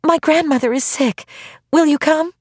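An earnest, anxious young girl, as a woman reading aloud puts her on, in a high, eager voice. The audiobook sound is close and dry. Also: normal speed, a little mellow, no room sound, lightly acted. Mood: pleading.

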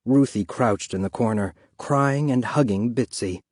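Male audiobook narrator, steady, dry close recording. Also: medium pitch, measured pace, slightly rough, no room sound. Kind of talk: scripted narration.

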